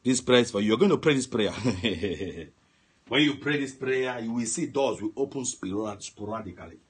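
A man preaching on a prayer line, swinging from soft murmurs to shouted commands and speaking in tongues. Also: medium pitch, lively intonation, normal speed, breathy edge. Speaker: pastor. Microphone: phone line broadcast.

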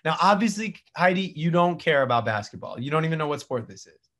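A middle-aged male dentist giving a casual, animated lecture, swinging between loud bursts and quiet asides. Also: a little high, fast talker. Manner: casual slang and mild swearing. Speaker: dentist teaching a practice management course. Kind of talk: recorded continuing-education lecture.

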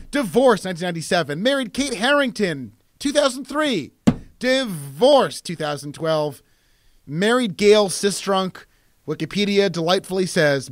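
A man's voice: high voice, background noise. A man co-hosting a podcast, chatting casually and jokingly about films, with plenty of swearing. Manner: animated, joking, profane. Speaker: podcast co-host.

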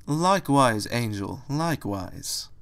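A man voicing a malicious female cat, speaking slowly with a sly, mocking manner in a storybook reading. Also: mid-range voice, lively intonation, gravelly, a bit bright, exaggerated voice. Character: malicious slow-talking female white cat.

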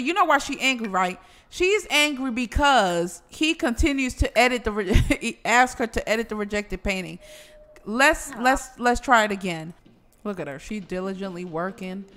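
Animated, cursing woman streamer with bright voice. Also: fairly high pitch, slight background noise. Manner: animated, swearing, talks back at the game characters. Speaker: gaming streamer. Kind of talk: casual gameplay commentary.

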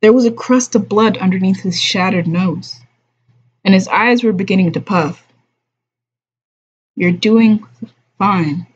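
A woman streamer reading a novel aloud at a slow, measured pace, softly giving voice to the dialogue. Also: medium pitch, husky. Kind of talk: unhurried audiobook-style reading. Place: home streaming room. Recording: dull lo-fi stream audio.

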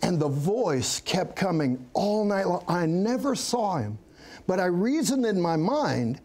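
In an interview, a middle-aged pastor shares his testimony in a high, sing-song, unhurried voice with a darkish tone. He's an earnest storyteller and a guest who laughs now and then.

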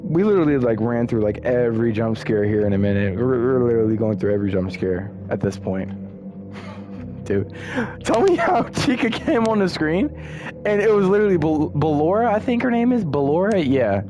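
A young man giving casual, excitable commentary while playing a horror game, muttering one moment and yelling the next. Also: medium pitch, normal speed, music in the background. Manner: excitable, swings from muttering to yelling at jump scares. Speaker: gaming streamer.

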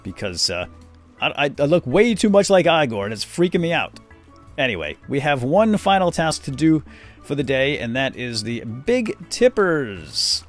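A man's voice: mid-range voice, sing-song, moderate pace, faint music behind. A middle-aged man hosting a casual game commentary, chatty and rambling as he tells stories and narrates what he is doing. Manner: chatty storyteller, rambling asides. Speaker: host. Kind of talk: casual let's-play commentary.

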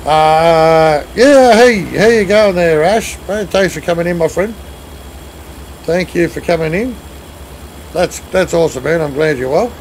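A man with an Australian accent hosts a relaxed live stream, bantering with friends while reading viewer comments aloud. His voice sits a little high and has a gravelly edge. A faint hiss lies under the talk. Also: a little slow, poor audio. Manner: chatty, reads and answers chat while driving. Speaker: streamer leading a truck convoy. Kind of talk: casual live-stream chat.

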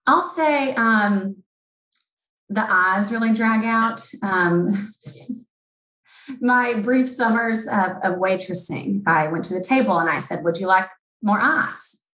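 A woman's voice: medium pitch, expressive, slow pace, pauses often, a bit bright. A woman in her thirties with a Southeast Missouri accent, chatting casually as a podcast guest, often repeating words as she starts a thought. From rural Southeast Missouri. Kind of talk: casual chat. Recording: roomy echo.

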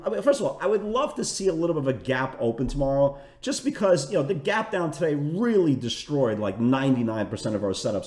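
A man's voice: fairly high pitch, a little mellow, reverberant. A man giving a market recap as a trading educator, chatty and full of restarts, often tagging lines with "right?". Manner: chatty, repeats "right?" and "again"; self-correcting restarts.

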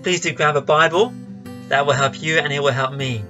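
A man's voice: on the high side, brisk, faint music behind. A man, a pastor giving an online sermon in a conversational, lightly joking way. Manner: conversational, self-deprecating humor.

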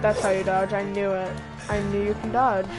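A woman's voice: medium pitch, level tone, normal speed, over music. A woman playing a video game in casual chat, playful and chatty, full of questions and sound effects. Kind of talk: casual let's-play chat.

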